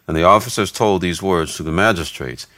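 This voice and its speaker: A man giving a steady, measured reading of scripture, voicing narration and quoted speech alike. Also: deep voice, no echo. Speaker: scripture reader.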